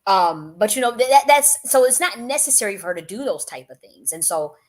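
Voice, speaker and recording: A woman's voice: mid-range voice, lively intonation, a little fast. An American woman giving casual political commentary on her channel, blunt and profane, with many restarts and fillers. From United States. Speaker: YouTube commentator.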